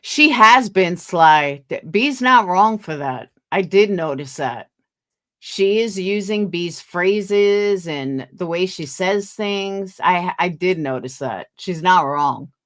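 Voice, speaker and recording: This livestream host has a lowish, animated voice and a slow pace. Tired and yawning, she chats casually with live viewers, gossips and greets people by reading out their names.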